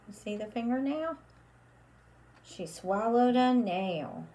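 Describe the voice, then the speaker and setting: A woman's voice: medium pitch, animated, noisy background. A woman leading a children's storytime with a puppet, drawing out her words in a sing-song way. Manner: slow, sing-song, drawn-out for kids.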